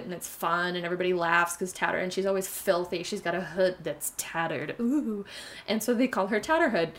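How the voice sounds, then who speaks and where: A young woman chatting casually and retelling a fairy tale in a rambling, animated way. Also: medium pitch.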